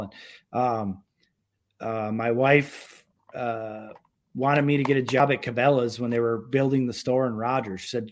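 A man from New York who has worked in the fishing industry, talking in a casual podcast chat and rambling with many filler words. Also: medium pitch.

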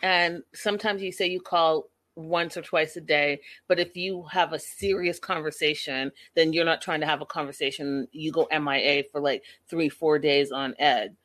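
A woman's voice: deep voice, fairly even intonation, normal speed, hardly any pauses, fairly bright tone. A woman casually recapping a reality show episode, chatty and opinionated, peppered with "like" and "you know".

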